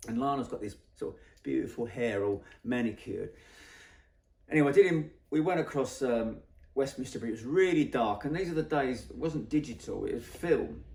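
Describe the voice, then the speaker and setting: A man's voice: medium pitch, lively intonation, normal speed, vocal fry, darkish tone. A man, a photographer, telling a rambling anecdote and correcting himself as he goes. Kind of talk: storytelling anecdote. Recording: roomy echo.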